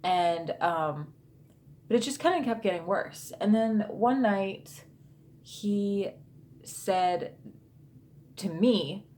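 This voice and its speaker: A woman's voice: mid-range voice, lively intonation, very slow, long pauses, darkish tone. A woman in her thirties telling a true ghost story to camera in a chatty storytime vlog, with lots of fillers and asides. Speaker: YouTuber.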